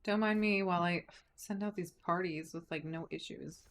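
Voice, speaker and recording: A woman's voice: on the low side, moderate pace. A woman streaming a game, chatting casually and asking herself rhetorical questions. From United States. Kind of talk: casual livestream chat while gaming.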